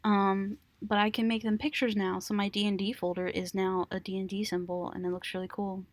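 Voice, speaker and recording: A woman's voice: mid-range voice, little pitch movement, brisk, dry recording. A young woman co-hosting a casual podcast, rambling through a story with giggles and frequent swearing. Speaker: podcast co-host. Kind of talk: casual chat.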